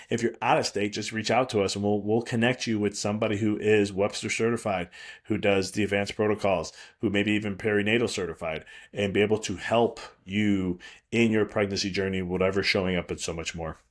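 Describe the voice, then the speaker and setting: A man hosting a podcast as a prenatal chiropractor, talking in a rambling, reassuring way with frequent restarts. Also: on the low side. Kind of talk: solo podcast monologue.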